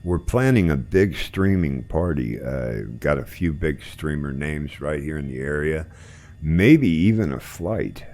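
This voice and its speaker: A man with an extremely deep voice hosts a casual live stream. He chats loosely while reading out chat messages and juggling several tasks at once. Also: animated, measured pace, a little mellow. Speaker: stream host flying a helicopter simulator.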